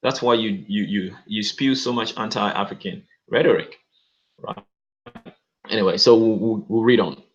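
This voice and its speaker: Low-voiced man in emphatic commentary. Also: normal speed, highs cut off. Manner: emphatic, repeats words and peppers talk with "okay". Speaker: commentator reacting to news. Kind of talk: casual video commentary.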